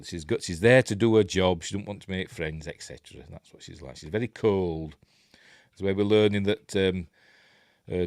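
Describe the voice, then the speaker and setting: A middle-aged Yorkshire man talks through a film in a loose, rambling commentary, full of ums and half-muttered asides. His voice sits low and deep. The sound is dry and close, with no room echo. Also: a little mellow. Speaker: film reviewer. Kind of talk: casual watch-along film commentary.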